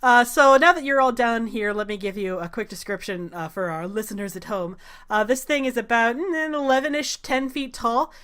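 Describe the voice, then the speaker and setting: A woman narrating a tabletop game as game master, relaxed, with many filler sounds. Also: on the high side, moderate pace.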